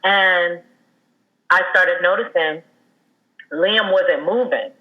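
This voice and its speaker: A woman in her thirties, a guest telling her own story in a candid, halting way, with many fillers and restarts. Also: fairly low pitch, muffled recording. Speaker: guest sharing a personal loss story.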